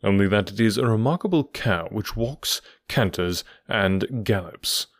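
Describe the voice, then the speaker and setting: A man voicing a keen, commanding detective in an audiobook, eager and probing, sometimes dropping to a low murmur. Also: unhurried, no echo, studio quality. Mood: triumphant. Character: keen, commanding middle-aged male detective. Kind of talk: audiobook character voice.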